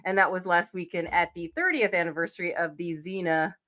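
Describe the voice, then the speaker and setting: A woman in her forties, sick and hoarse, chatting casually as co-host of a reaction show, swearing freely and laughing often. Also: lowish voice, fairly even intonation, brisk, fairly bright tone. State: sick, losing her voice, coughing.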